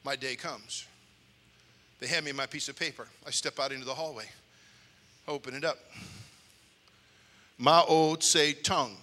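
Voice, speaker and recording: An older man preaching with humor, an animated storyteller with comic timing who slips into character voices. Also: mid-range voice, brisk, pauses often. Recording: long hall reverb.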